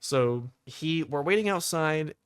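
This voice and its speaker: Speaking slowly in a fairly high, smooth voice, this young podcast co-host spins a laid-back tale. He's an animated storyteller who says "like" constantly and performs the quoted voices, all on a dry recording.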